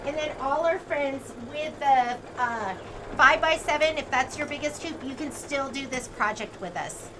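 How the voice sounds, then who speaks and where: A chatty American woman with a high voice walks through a machine embroidery project step by step. She thinks aloud and corrects herself as she goes, over a faint hiss in the background. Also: normal speed. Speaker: sewing shop instructor. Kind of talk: embroidery demonstration. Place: sewing shop.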